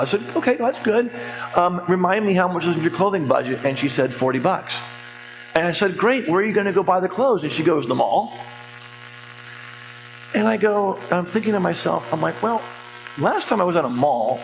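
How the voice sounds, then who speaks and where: A man's voice: a little high, brisk, creaky, noisy background. A man in his forties, a financial coach teaching a church class in a conversational way, telling stories and acting out quoted voices with jokes. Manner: lively storyteller, acts out quoted voices, jokes. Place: church hall.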